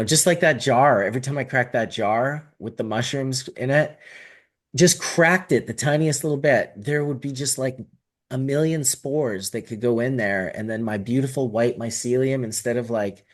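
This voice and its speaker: A man hosting a podcast in casual chat, rambling and swearing freely with animated shifts. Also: mid-range voice. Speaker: podcast host.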